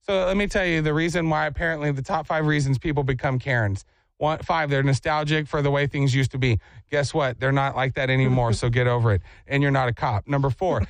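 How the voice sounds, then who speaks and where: A man hosting a talk show, telling a story in a casual, animated way and acting out the people in it with jokes. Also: on the high side, no echo. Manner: animated, acts out quotes, jokey.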